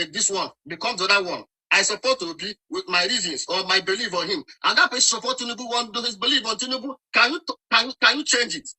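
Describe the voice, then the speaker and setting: A man's voice: high-pitched, bright, forceful tone, breathy edge, rough recording. A Nigerian man from Nsukka arguing hotly in an online audio room, insistent and scolding, often repeating himself. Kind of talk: heated political argument.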